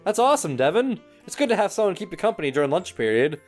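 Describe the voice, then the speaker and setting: A man voicing a bubbly teenage schoolgirl in a visual novel, reading her lines in an upbeat, excitable way. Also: high voice, fast talker, soft background music. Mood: cheerful. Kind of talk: game dialogue read aloud.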